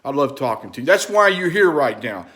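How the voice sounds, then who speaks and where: A man hosting his own video channel, talking straight to the viewer in an impassioned, repetitive way. He swings between loud urging and low, confiding asides, and keeps asking rhetorical questions. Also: big pitch swings, a little fast. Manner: preachy, asks the listener rhetorical questions. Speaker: vlog host. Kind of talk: impassioned direct-to-camera monologue.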